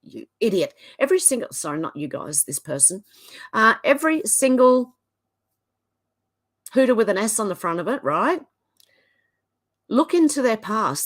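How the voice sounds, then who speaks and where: Reading posts aloud for her casual commentary, an Australian-accented woman vlogger sounds sarcastic and indignant. Her pitch jumps around quickly.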